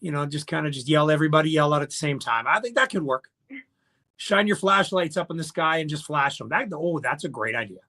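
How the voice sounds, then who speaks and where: A man hosting a casual radio chat show, animated and joking, reacting quickly to his guest. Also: on the high side. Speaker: radio host. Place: radio studio.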